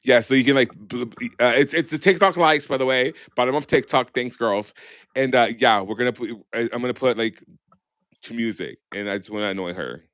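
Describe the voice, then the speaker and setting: A man's voice: medium pitch, a little fast, a bit bright, clean tone, no echo. A man co-hosting a casual chat show, sassy and gossipy, swearing freely as he runs through rule changes. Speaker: podcast co-host.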